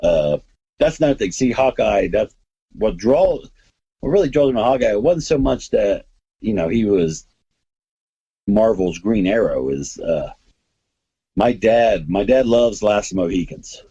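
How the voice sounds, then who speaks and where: A man's voice: lowish voice, lively intonation, measured pace, gravelly, pauses often, warm tone, slightly rough, lo-fi sound. A man hosting a podcast, chatting casually and rambling enthusiastically about comics and movies. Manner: rambling, enthusiastic, many restarts. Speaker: podcast host.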